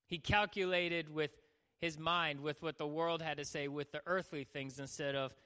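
High, bright-voiced young youth pastor. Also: male voice, fairly even intonation, normal speed, clear, resonant tone. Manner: joking, acts out voices. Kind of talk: sermon. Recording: long hall reverb.

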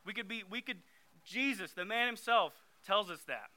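A man's voice: high-pitched, lively intonation, moderate pace, bright, forceful tone. A young man giving a conversational sermon, getting emphatic when he reads scripture aloud. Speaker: youth preacher.

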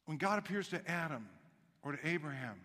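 A man preaching a sermon as pastor, animated and dramatic, dropping to a hush and then rising loud again. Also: a little high, fairly quick, long reverb tail. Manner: animated, dramatic shifts between hushed and loud.

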